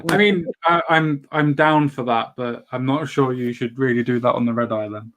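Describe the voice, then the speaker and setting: A man hosts a loose, casual chat, at an ordinary middle pitch. He swears freely and trips over his own words, starting phrases again and again. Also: steady tone, moderate pace, fairly bright tone. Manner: swears freely, talks in restarts. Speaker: show host.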